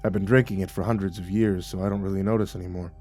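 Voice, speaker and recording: A man voicing an ancient male skinwalker who speaks in a low, mocking, calmly amused way. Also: fast, soft background music, natural voice. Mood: sly. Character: ancient sly male skinwalker, teasing and unhurried.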